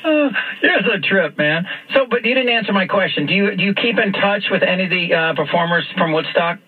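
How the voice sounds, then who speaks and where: A man's voice: high voice, lively intonation, brisk, slightly rough. A male radio host interviewing a guest, chatty and stumbling, often repeating his words. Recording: phone-like radio broadcast.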